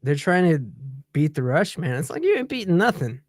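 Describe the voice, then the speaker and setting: A man telling a story in a casual chat show, animated and heated, laughing as he goes. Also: a little high, brisk, no echo, studio quality. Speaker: guest on a talk show.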